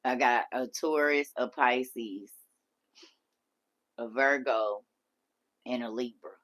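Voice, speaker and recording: A woman's voice: very deep voice, takes it slowly. A middle-aged woman hosting a livestream, reading and answering chat comments with lots of laughter. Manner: animated, laughing often, talks back to chat. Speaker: livestream host.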